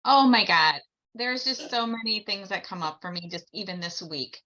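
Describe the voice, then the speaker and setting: A woman's voice: mid-range voice, moderate pace, sharp tone, lo-fi sound. A woman hosting a podcast, chatting casually in an effusive, enthusiastic way. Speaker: podcast host. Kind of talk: casual chat.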